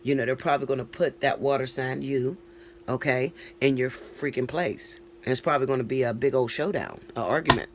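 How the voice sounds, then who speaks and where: A man's voice: medium pitch, steady tone, fairly quick, noisy background. Blunt, chatty male tarot reader. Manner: blunt, frank and profane; chatty, keeps checking in with listeners. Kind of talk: casual tarot reading to camera.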